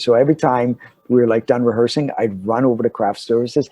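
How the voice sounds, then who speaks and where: A middle-aged man with a slightly husky voice tells a story with real animation, slipping into the voices of the people he quotes. The sound is dry and close, with almost no room around it. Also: medium pitch, fairly quick, no room sound, rough recording. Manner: animated storyteller acting out dialogue. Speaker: actor guest. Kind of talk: casual anecdote telling.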